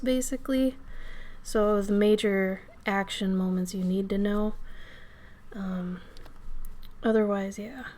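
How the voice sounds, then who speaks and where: Speaking at a medium pitch, she sounds hoarse and crackly as she recovers from being unwell. The Minnesotan streamer chats casually while drawing, often lowering to soft whispers with the microphone close to her face.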